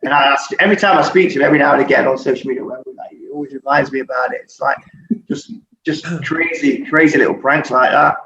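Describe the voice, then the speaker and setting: A man's voice: medium pitch, fairly even intonation, fast talker, a bit bright. A man in his forties, a former footballer and podcast guest, telling stories in a casual chat, swearing constantly and laughing through his anecdotes. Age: 40s. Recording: roomy, muffled recording with faint hiss.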